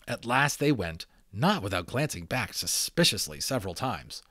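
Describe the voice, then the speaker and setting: A man giving a dramatic reading of a children's novel, expressive and adding casual asides. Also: mid-range voice, normal speed, few pauses, no room sound, clean studio sound. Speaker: audiobook reader.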